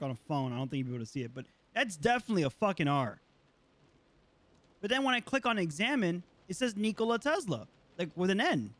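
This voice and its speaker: A man's voice: high-pitched, a bit bright. A man streaming a game, talking casually with slang, swearing and lots of fillers as he plays. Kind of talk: let's play commentary.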